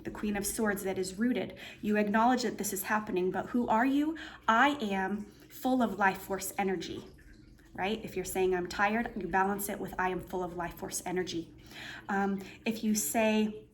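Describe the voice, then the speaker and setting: A woman's voice: mid-range voice, normal speed. A woman giving a casual, meandering tarot reading indoors, full of fillers and restarts as she explains the cards. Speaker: tarot reader. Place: indoor room with a painting behind her.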